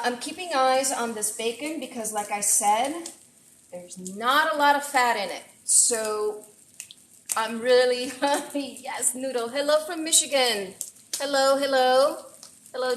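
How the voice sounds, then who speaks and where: A woman chef hosting a casual live cooking stream, chatty and excitable as she greets viewers from her kitchen. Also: sits high, slight background noise, poor audio. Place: home kitchen. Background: faint frying and sizzling.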